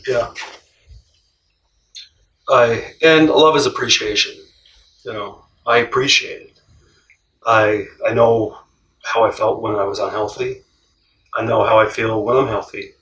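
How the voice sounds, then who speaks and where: Man, animated storytelling, quotes in voices, distant mic, roomy echo. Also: on the low side, unhurried, pauses often. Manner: animated, laughs often, acts out quoted voices. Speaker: cross-country traveller. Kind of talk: casual storytelling.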